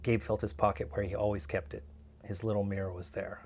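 A man narrating a novel in a steady, measured way. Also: on the low side, husky. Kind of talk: audiobook narration.

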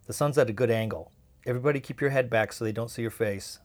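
A man's voice: medium pitch, fast, lightly acted. A man reading aloud and voicing the protective leader of a small found family, giving urgent orders. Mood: commanding. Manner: urgent, commanding.

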